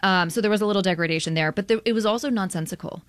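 A female radio journalist, interviewed as a guest, talks in a mid-range voice on a dry track. Her delivery is quick and lively, with frequent laughter and plenty of "like" fillers.

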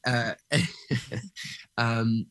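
A man's voice: mid-range voice, steady tone, very slow, a bit bright. A young man, an actor, chatting in an interview, hesitant and full of fillers and restarts. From England. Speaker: actor guest. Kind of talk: casual interview chat.

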